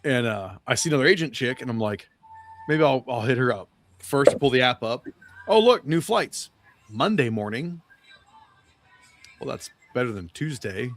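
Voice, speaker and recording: A man's voice: medium pitch, fairly quick, fairly bright tone, soft background music. A man telling a profane, rambling travel story on a podcast, acting out the people he met. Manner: profane, rambling anecdote with quoted dialogue. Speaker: podcast guest or co-host.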